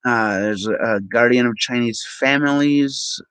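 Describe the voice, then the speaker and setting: Slow, halting man reading aloud. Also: medium pitch, a bit bright, clear, resonant tone, no echo, low-quality recording. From Minnesota. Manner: halting, with ums and self-corrections. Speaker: vlogger. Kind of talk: reading aloud from web pages.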